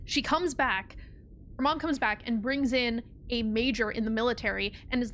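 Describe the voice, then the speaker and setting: A woman's voice: fairly high pitch, moderate pace, a bit bright, slight background noise. A young woman streaming a game, talking casually and animatedly, swearing often and sounding exasperated. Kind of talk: casual gameplay commentary.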